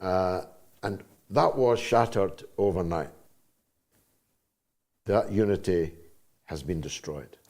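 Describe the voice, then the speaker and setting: An older man with a Scottish accent hosting a political talk show, speaking with deep emotion. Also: slow, long pauses, darkish tone. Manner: impassioned, emotional. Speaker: host.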